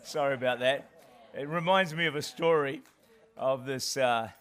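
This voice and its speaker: A guest pastor speaking at a church service, opening with a self-deprecating joke and then praying earnestly. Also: male voice, mid-range voice, moderate pace, fairly bright tone, clean tone. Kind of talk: sermon opening and prayer.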